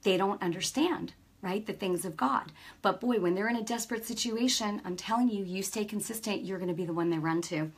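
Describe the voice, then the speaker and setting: A middle-aged woman giving a casual faith talk, telling stories with lively energy and often checking in with her listeners. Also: medium pitch, a little fast, few pauses, breathy edge. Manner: lively storytelling, acts out quoted dialogue; peppers speech with "right?" and "you know". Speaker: Christian speaker.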